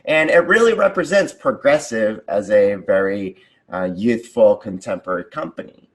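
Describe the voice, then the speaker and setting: An American man with a fairly low voice, talking casually as a guest on an interview show. He sounds enthusiastic about his work and livens up his examples with little acted-out voices. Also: normal speed. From United States. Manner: enthusiastic, jumps into lively voices when telling examples. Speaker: guest, conversation designer.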